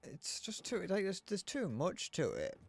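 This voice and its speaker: A man's voice: sits high, huge pitch swings, a little slow, soft background music. Rambling man streaming a game. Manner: rambling, muttering to himself between remarks. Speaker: livestreamer. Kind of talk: casual chat while gaming.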